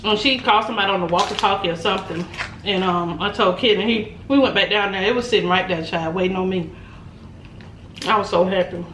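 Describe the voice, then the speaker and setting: A woman vlogger telling a story in a casual chat, animated and laughing often, acting out what people said. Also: mid-range voice, fast. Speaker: mukbang vlogger. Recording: roomy echo, faint background noise.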